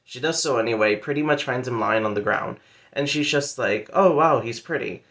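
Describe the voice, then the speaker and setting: In his casual book vlog's monthly reading wrap-up, a man retells a story in a medium-pitched, fairly bright voice at a fairly quick pace. He's chatty and loose, peppering his talk with "like" and "pretty much" and playful asides.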